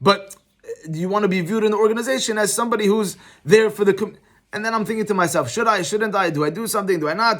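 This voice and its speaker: A middle-aged man, a rabbi, giving an informal Torah class, teaching through conversational personal stories. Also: high voice. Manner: conversational, storytelling, animated.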